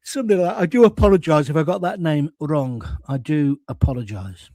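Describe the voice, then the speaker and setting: An older Englishman with a fairly high voice hosts a live-stream chat show. He rambles through jokey anecdotes and pokes fun at himself. The sound is close and dry, with no room echo. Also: expressive, fairly quick, a little mellow. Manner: jokey, rambling storyteller with self-mocking asides.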